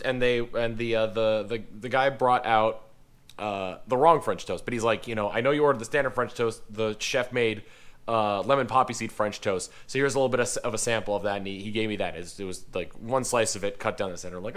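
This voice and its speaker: A man talks casually to his vlog camera, rambling through his week with plenty of fillers and restarts. His voice sits at an ordinary middle pitch. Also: fairly bright tone. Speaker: vlogger.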